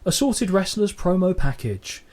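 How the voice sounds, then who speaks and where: A man's voice: sits high, very animated, a little slow, a little mellow. Male co-host, light voice, loose, sweary, jokey banter. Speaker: podcast co-host. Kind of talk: casual chat.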